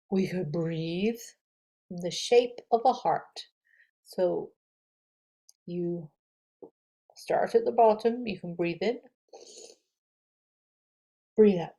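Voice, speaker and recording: Slow gravelly-voiced woman yoga teacher. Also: mid-range voice. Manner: gentle, slow, encouraging, with audible breaths. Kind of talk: guided affirmations and meditation.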